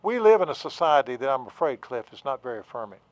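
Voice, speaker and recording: A man talking as a therapist and professor on a radio show, halting, with many fillers and restarts. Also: medium pitch, sing-song, no room sound. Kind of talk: casual radio talk.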